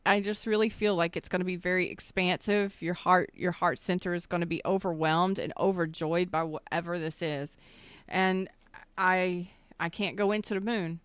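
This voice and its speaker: A woman gives a live tarot reading, choked up and emotional, her words slow and soothing with halting pauses. Her voice sits somewhat low and sounds smooth and resonant, recorded close and dry. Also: fairly even intonation, no echo. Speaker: tarot reader.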